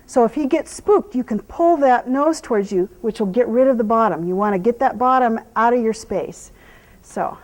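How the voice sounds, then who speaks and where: A middle-aged woman horse trainer explaining groundwork outdoors, calmly talking viewers through each step and praising the horse. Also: a little high, moderate pace, rough recording. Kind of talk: instructional clinic talk while working a horse.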